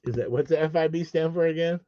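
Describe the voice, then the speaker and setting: A man's voice: fairly high pitch, fast, dull audio, slight background noise. A man hosting a live sports card auction stream, teasing his chat with profane jokes and calling out bids.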